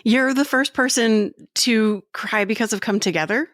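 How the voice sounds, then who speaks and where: A woman guest author and sex educator speaking in a podcast interview, talking in an animated way and filling her speech with "like". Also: a little high, moderate pace, no room sound, studio quality.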